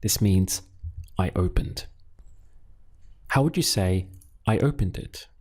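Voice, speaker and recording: A man teaching Spanish, patiently drilling phrases and repeating each word slowly. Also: sits low, lively intonation, darkish tone. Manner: slow, patient, deliberate drilling with repeated words. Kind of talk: language lesson with drills.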